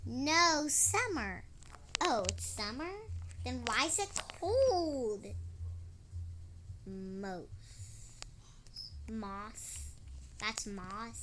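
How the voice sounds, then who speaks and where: A woman's voice: fairly high pitch, sing-song, very slow, long pauses, background noise. A young girl narrating her own role-play game in a casual, dramatic, giggly way and talking to an in-game duck. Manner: dramatic, giggly, easily startled.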